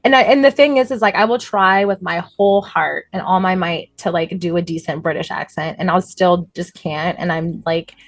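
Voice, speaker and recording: A woman co-hosting a podcast, telling stories in an animated, chatty way and laughing often. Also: lowish voice, normal speed, few pauses, dry recording. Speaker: podcast co-host. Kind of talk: casual chat.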